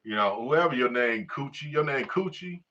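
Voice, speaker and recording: A man's voice: medium pitch, lively intonation, normal speed, sharp tone. Profane rambling man on a lo-fi stream. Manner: profane, rambling, heavy fillers. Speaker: livestream host. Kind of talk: casual livestream rant. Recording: distant lo-fi livestream audio.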